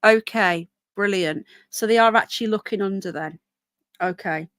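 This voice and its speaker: A hoarse woman live-streaming outdoors in a small town, chatting with viewers and reading news aloud. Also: mid-range voice, moderate pace, fairly bright tone, dry recording. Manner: chatty, reads out viewer comments and news text. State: hoarse, voice keeps going. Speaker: livestreamer.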